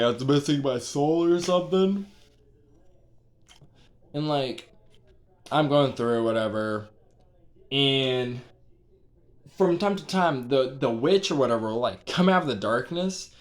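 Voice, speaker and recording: A man's voice: mid-range voice, animated, unhurried, pauses often. A young man casually retelling a strange dream, rambling with constant fillers and the odd swear word. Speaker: vlogger.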